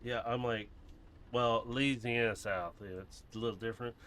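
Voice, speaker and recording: A man's voice: medium pitch, steady tone, moderate pace, a bit bright, a little hiss or hum. A man streaming while he builds a brick model, chatting casually, rambling and laughing often.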